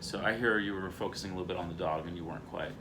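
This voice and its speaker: A man's voice: low voice, racing, heavy background noise. A man co-hosting a parenting video at home, explaining communication scenarios step by step in a casual teaching chat.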